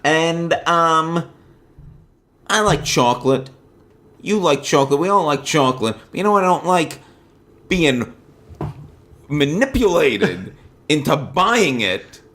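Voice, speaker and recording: A man's voice: a little high, lively intonation, slow, pauses often, fairly bright tone. A man co-hosting a comedy podcast, rambling through loose banter, swearing freely and telling stories with a lot of energy. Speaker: podcast co-host.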